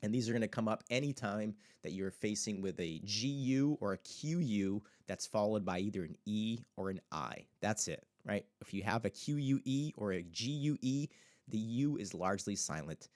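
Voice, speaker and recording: Low-voiced man teaching a language lesson. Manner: repeats example words slowly, relaxed filler-heavy explaining. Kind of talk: casual spoken language lesson.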